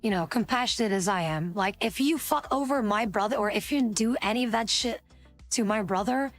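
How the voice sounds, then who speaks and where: Woman streamer chatting to viewers; loose, rambling delivery full of fillers, soft music under her. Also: on the high side, fairly quick. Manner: rambling, many fillers and restarts. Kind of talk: casual storytelling to chat.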